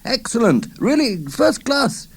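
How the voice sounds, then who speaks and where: A man's voice: very high-pitched, sing-song, unhurried, husky, voice pushed up, heavily acted. A man voicing a cocky young gang leader who speaks with sneering, exaggerated politeness. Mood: mock-shocked.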